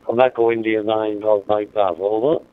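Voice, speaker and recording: An Irish amateur radio operator chats casually over a mobile radio, friendly and repeating his call sign. His voice is on the low side with fairly even intonation and a moderate pace, heard through narrow-band two-way radio audio.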